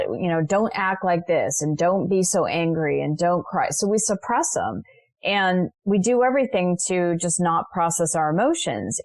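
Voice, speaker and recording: Earnest middle-aged woman, low voice. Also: no room sound. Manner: earnest, reflective storytelling. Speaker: guest, coach. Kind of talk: podcast interview.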